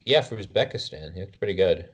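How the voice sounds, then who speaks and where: Male podcast co-host, very deep voice, loose joking banter. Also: animated, fast talker, slightly rough. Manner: loose, joking banter, rattles off wrestler names. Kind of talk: casual podcast chat.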